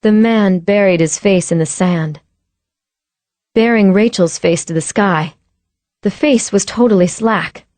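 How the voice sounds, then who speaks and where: A woman narrates a suspenseful audiobook scene with measured, dramatic pacing and a mid-range voice. The studio recording is close and dry. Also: mid-range voice, a little mellow, no room sound. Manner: tense, dramatic storytelling. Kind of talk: scripted narration.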